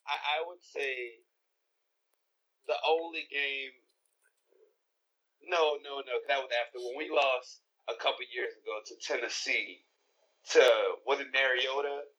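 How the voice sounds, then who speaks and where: A man, co-hosting a casual sports chat, excited and animated, stammering as he restarts. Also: medium pitch, unhurried, long pauses, poor audio. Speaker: podcast co-host.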